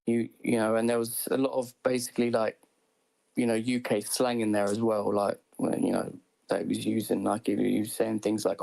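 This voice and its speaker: A man's voice: fairly low pitch, level tone, fairly quick, vocal fry, darkish tone, poor audio. Rambling man telling a story. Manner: rambling, with many restarts and quoted speech. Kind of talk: casual storytelling on a live chat.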